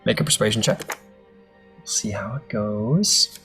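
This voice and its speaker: A man's voice: on the low side, expressive, measured pace, fairly bright tone, faint music behind. A man narrating as game master for a tabletop game, loose and rambling with many fillers.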